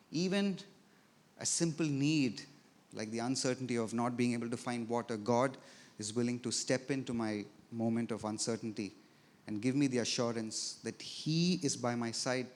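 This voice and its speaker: A man's voice: mid-range voice, normal speed. A man preaching a sermon as pastor, telling a story and swelling then dropping his voice for emphasis, in a church sanctuary. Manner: storytelling preacher, rises and drops in loudness for emphasis.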